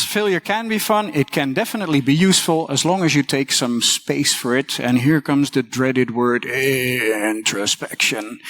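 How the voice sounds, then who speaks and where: A woman's voice: low-pitched, no echo. A woman teacher giving a casual conference talk, swearing freely and acting out the voices she quotes.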